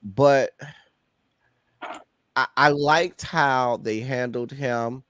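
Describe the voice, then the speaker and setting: A man's voice: medium pitch, drawn-out words, fairly bright tone, dry recording, studio quality. A man from Miami with a Miami accent, a guest reviewer in a casual movie discussion, earnest and reflective, often restarting his sentences. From Miami, Florida.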